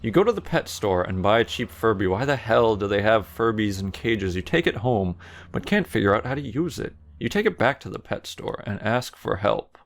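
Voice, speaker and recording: A man's voice: on the low side, animated, normal speed. A man reading aloud and commenting sardonically on a text adventure game as he plays it. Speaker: gaming streamer.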